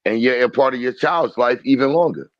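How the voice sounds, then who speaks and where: A man co-hosting a casual livestream chat, animated and prone to repeating and stumbling over his words. His voice comes through dry and a little dull, like lo-fi stream audio. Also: mid-range voice, brisk, no room sound. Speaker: podcast co-host.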